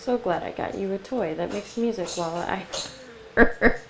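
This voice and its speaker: A young woman chatting through a craft tutorial, laughing often and talking gently to her toddler. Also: mid-range voice, moderate pace, gravelly, background noise. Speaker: craft vlogger. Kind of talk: casual craft tutorial chat.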